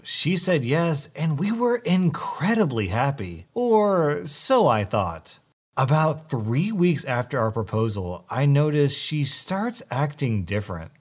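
A man narrating online stories aloud in a scripted, expressive way. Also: mid-range voice.

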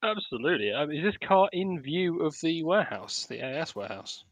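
Brief: man, tabletop player, cheeky and quick, dry close recording. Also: on the high side, big pitch swings, no room sound. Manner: playful, quick, in character as a reporter. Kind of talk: playing a tabletop game.

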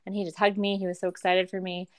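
Talking fast in a medium-pitched voice, this guest spins a long personal story in casual conversation. She's animated, laughs often, and performs the voices of everyone she quotes.

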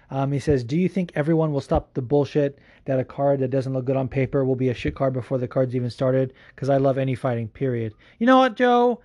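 A man's voice: mid-range voice, dark tone. A man hosting a solo podcast, chatting casually, rambling and swearing a lot, laughing often. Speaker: podcast host.

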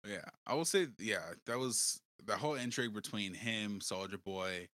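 A man co-hosting a podcast in casual chat, relaxed and slangy, laughing easily. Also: on the low side, moderate pace, dry recording. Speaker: podcast co-host.

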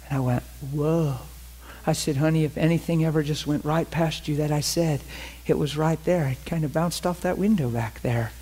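A man's voice: fairly high pitch, normal speed, warm tone, husky. A middle-aged man preaching a sermon in a conversational way, acting out quotes from his own story.

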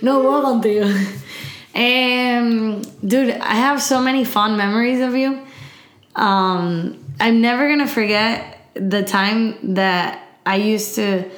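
Brief: lively mom storyteller, mid pitch, chatty, echoey room. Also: female voice, slow pace. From Miami. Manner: animated storyteller, acts out quotes, laughs, code-switches to Spanish. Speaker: podcast co-host, mother. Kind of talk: casual chat.

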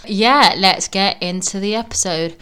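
A woman's voice: medium pitch, measured pace, clear, resonant tone. A woman in her late twenties co-hosting a podcast, chatting casually and telling childhood stories with lots of laughter. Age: late 20s. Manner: giggly, animated storyteller. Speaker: podcast co-host. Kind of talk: casual chat.

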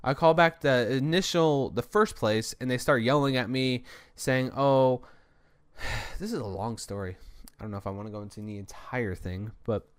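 A man's voice: mid-range voice, normal speed, clear, resonant tone. Rambling tired young man podcasting. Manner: rambling, long-winded, breathless. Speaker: podcast host. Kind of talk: casual solo storytelling.

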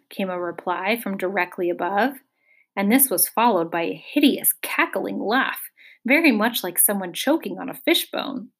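A woman reading a children's fantasy novel aloud in a measured, expressive storytelling voice. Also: mid-range voice, slightly rough. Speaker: audiobook narrator. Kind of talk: scripted narration.

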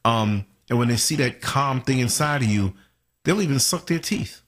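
A man speaking as a guest on a talk show, calm and agreeing in casual chat. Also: mid-range voice, normal speed.

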